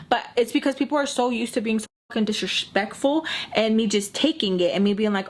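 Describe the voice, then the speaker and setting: A young woman tells a casual storytime in a mid-pitched voice, blunt and heated, with plenty of swearing. She slips into other people's lines as she goes, jumping between her own narration and their voices. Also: moderate pace, hardly any pauses. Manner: blunt and profane, heated venting; acts out quoted dialogue in shifting voices. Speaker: storytime vlogger.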